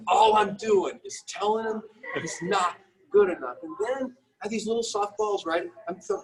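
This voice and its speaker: A middle-aged man, a business owner, telling a candid, self-deprecating story with many halting restarts. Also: sits high, distant mic, rough recording. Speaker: guest entrepreneur.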